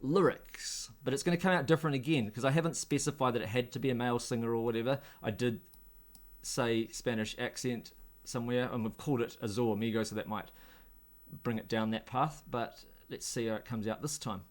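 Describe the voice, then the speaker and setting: Man, casual tutorial host, thinking aloud, middle pitch, unhurried. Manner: relaxed, thinking aloud with small restarts. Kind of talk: casual screen-share tutorial.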